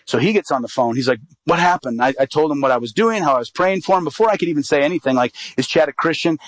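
Talking quickly in a slightly high voice, a thirtysomething male evangelist preaches through a personal anecdote, acting out the quoted speech. The recording is dry and the audio quality poor.

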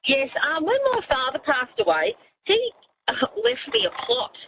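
A woman's voice: high-pitched, very animated, measured pace, phone-quality sound, noisy background. Hesitant woman telling a story. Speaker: caller. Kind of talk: talkback radio call.

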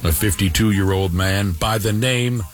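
A man's voice: lowish voice, a little slow, soft background music. A man hosting a radio show, telling an odd news story with sarcastic, mock-impressed banter.

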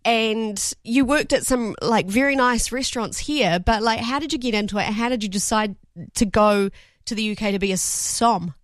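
A New woman hosts a breakfast radio show, chatty and quick. She often stumbles over tricky words and laughs them off. Her voice sits a little high and sounds dry and close in the studio. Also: no echo. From New Zealand. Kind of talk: casual radio chat.

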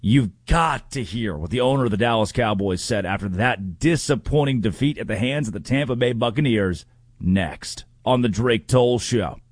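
A man hosting a sports talk radio show, breaking down college football games with quick wisecracking asides, recorded on a studio microphone. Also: mid-range voice, no echo.

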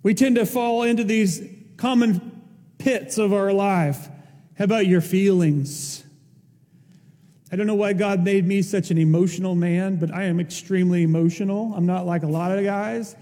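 Male pastor, high warm voice, impassioned sermon delivery, church hall reverb. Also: steady tone, normal speed. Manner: impassioned, rising to emphatic peaks.

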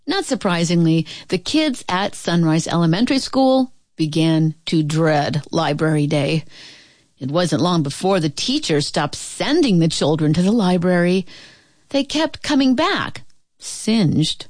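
A woman reading a picture book aloud in an expressive, playful way. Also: on the low side, unhurried, no room sound. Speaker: storybook reader.

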